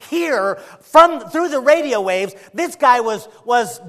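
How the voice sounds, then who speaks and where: High-voiced preacher in an echoing hall. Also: male voice, lively intonation, slow pace, bright, forceful tone. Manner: emphatic, rambling asides. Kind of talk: conversational sermon.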